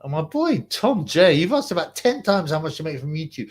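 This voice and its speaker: A man's voice: fairly high pitch, sing-song, fairly quick, few pauses. A young man hosting a live stream, chatting casually, rambling in slang and thanking donors. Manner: rambling and slangy, laughs often, trails off into mumbles. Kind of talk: casual live-stream chat reading donations and questions.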